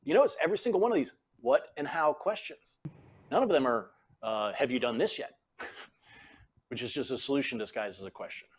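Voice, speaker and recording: Animated storytelling man, middle-aged. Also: mid-range voice, fairly quick, slightly rough. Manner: animated storyteller, acts out quoted voices. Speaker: guest, former CEO and author. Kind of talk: conversational podcast interview.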